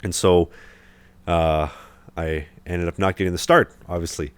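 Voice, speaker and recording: A man's voice: low voice, steady tone, measured pace, smooth, dry recording. A young man hosting a podcast, telling a long story in casual chat with lots of fillers and restarts. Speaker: podcast host, hockey goalie.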